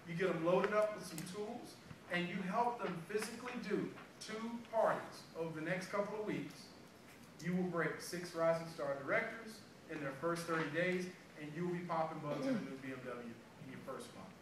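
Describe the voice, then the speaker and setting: Sales trainer, man, high voice, lively storyteller, recorded at a distance in a very echoey room. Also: normal speed. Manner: animated storytelling, acting out dialogue. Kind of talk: motivational sales training talk. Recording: echoey room, far from mic, background noise.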